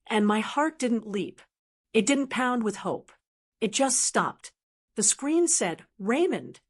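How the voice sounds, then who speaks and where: An older woman in her sixties telling a first-person story in a calm, measured way. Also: fairly high pitch. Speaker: narrator.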